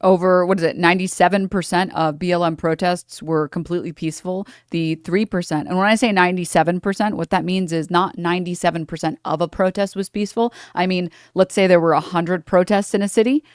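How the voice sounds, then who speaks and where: Fast-ranting low-voiced woman streamer. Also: fairly even intonation, dry recording, studio quality. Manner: heated, profane, rapid ranting. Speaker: streamer reacting to a clip. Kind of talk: casual political commentary.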